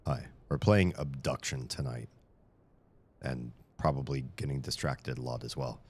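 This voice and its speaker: A man's voice: rumbling low, unhurried, slightly rough. A tired man hosting a live stream in casual chat, rambling and joking with frequent stammered restarts, into a studio microphone in a room with shelves.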